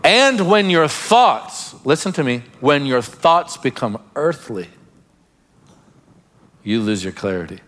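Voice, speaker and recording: A man's voice: mid-range voice, sing-song, slow pace, fairly bright tone, big-room sound. A man preaching a sermon as pastor, emphatic, breaking into laughing asides and urging listeners to pay attention.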